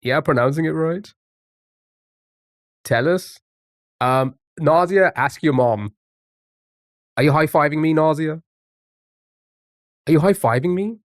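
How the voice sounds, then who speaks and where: A man's voice: fairly high pitch, slow pace, pauses often, no echo, studio quality. A man live-streaming a word game, chatting casually and greeting viewers by name.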